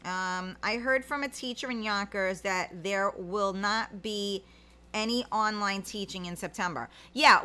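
Chatty bright-voiced New woman. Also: medium pitch. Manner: chatty, rambling, many fillers. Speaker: livestream host. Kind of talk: casual chat reading viewer comments.

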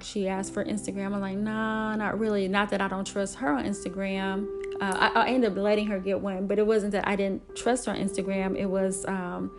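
A middle-aged woman talks frankly about raising her daughter. She speaks in a mid-range voice and stresses her points hard. Faint music plays beneath her. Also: medium pitch. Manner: candid, emphatic, acts out quotes in a raised voice. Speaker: single mother sharing parenting advice. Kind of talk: casual talk to camera.

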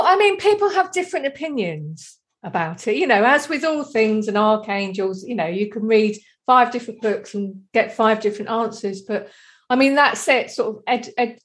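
A woman in casual spiritual conversation, talking reflectively and rambling, with frequent "you know.". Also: medium pitch.

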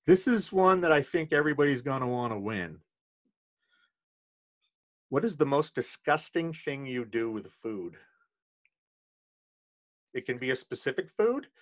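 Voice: medium pitch, big pitch swings, a little slow, pauses often. A playful host running a party game on a late-night podcast. The voice sits mid-range but swings widely as they tease and quiz their friends. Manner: playful, teasing quizmaster.

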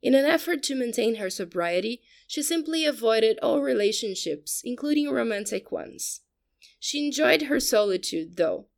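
A woman narrating a story in a steady, even audiobook style. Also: a little high, normal speed, vocal fry.

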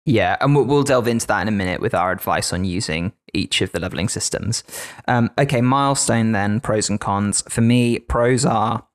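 A man with a lowish voice chatting on a tabletop gaming podcast. He runs the games and talks in a relaxed, animated way, breaking into little impressions of his players. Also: fairly quick, clean tone, no room sound. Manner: animated, acts out players' lines. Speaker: podcast co-host and game master. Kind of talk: casual podcast chat.

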